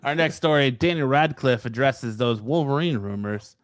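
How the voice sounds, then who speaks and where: A man's voice: mid-range voice, animated, moderate pace, dry recording. A man co-hosting a casual podcast, reading news stories aloud and riffing loosely on them.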